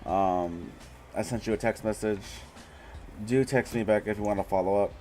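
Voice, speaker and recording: A man's voice: lowish voice, moderate pace, darkish tone, faint music behind. A man hosting a casual live tarot reading, blunt and profane, who laughs often as he talks.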